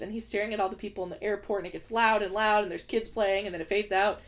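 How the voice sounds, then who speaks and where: A woman's voice: mid-range voice, racing, few pauses. A young woman co-hosting a podcast, recapping a film in casual chat and acting out quoted lines in exaggerated voices. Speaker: podcast co-host.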